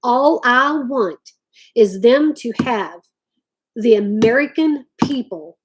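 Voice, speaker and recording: A woman's voice: on the high side, expressive, takes it slowly, background noise. A woman ranting to her viewers. She talks emphatically and drawls "y'all" often. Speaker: vlogger talking to live chat. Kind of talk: impassioned rant to viewers.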